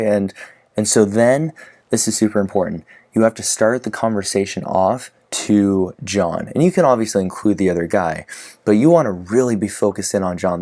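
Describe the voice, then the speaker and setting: A man's voice: low-pitched, darkish tone. A man teaching dating advice in a casual, conversational way, acting out sample lines with frequent fillers. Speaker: dating coach. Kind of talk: casual instructional talk to camera.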